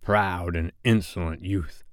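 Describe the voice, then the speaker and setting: A man voicing a menacing, brooding pirate captain in a storybook reading, speaking slowly and gravely. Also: steady tone, no room sound, studio quality. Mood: grim. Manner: slow, low, grave.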